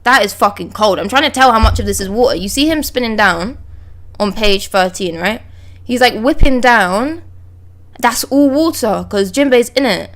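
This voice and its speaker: Reading manga lines out loud during a live stream, a young woman keeps breaking off for excited outbursts and curses. She speaks at a moderate pace in a voice on the high side.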